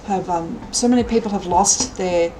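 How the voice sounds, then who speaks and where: A middle-aged Australian woman chatting casually on a live stream, animated and thinking aloud. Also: fairly low pitch, moderate pace, a little hiss or hum, poor audio.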